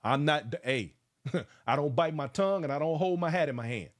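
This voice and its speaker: A man's voice: a little high, expressive, moderate pace. A man of about fifty hosting a casual livestream, fired up and preachy, calling out viewers by name. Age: around 50. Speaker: livestream host.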